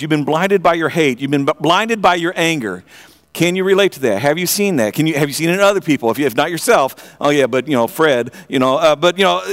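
A man preaching a sermon, retelling a story in an animated way, often restarting his phrases and asking his listeners direct questions. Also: sits high. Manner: animated storytelling with frequent repeated starts; asks the audience direct questions.

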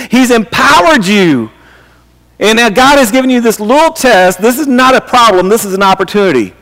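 A man's voice: sits high, a bit bright, in a large hall, poor audio. A man preaching a sermon in a conversational way, often restarting his sentences and asking his listeners questions. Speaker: pastor.

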